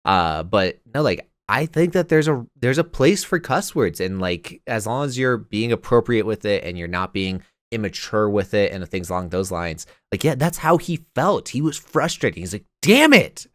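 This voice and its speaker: A man's voice: lowish voice, lively intonation, normal speed, few pauses, no echo, studio quality. A man co-hosting a podcast, giving his opinion in a thoughtful, hedging way with frequent restarts. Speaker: podcast co-host. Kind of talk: casual chat.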